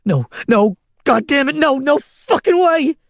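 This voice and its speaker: A man voicing a desperate, foul-mouthed young woman who shouts and pleads in an audiobook. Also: a little high, lively intonation, fairly quick, no echo, studio quality, pitched above the performer's own voice. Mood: frantic shouting.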